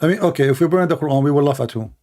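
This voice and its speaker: Talking very fast in a voice on the high side with a darkish tone, a man running a call-in show launches into a mocking, sarcastic monologue. His commentary is scornful, with broken grammar and rhetorical questions.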